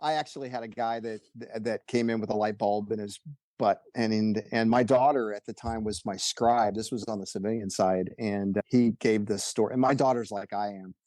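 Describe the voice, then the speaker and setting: A middle-aged man, an emergency doctor, telling stories in a relaxed, casual way. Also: on the low side, normal speed, dry recording. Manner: laid-back anecdotal storyteller. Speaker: emergency physician guest. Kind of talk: casual storytelling.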